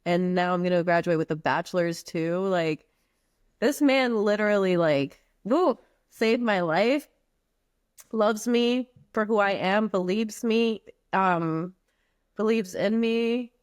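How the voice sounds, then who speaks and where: A woman's voice: mid-range voice, takes it slowly, clear, resonant tone, no room sound. Woman guest from the U.S. Virgin Islands, candid and heartfelt, casual slang, dry close sound. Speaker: podcast guest. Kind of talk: candid personal conversation.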